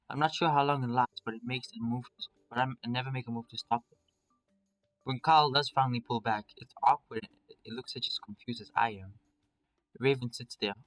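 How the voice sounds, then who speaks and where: A man's voice: mid-range voice, a bit bright, low-quality recording. A man reading a visual novel aloud in a dramatic first-person storytelling manner. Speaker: narrator.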